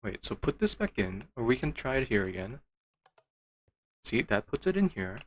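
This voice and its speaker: A man's voice: medium pitch, very animated, moderate pace. A man streaming a game, muttering to himself with frustrated, disbelieving outbursts. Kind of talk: casual gameplay commentary.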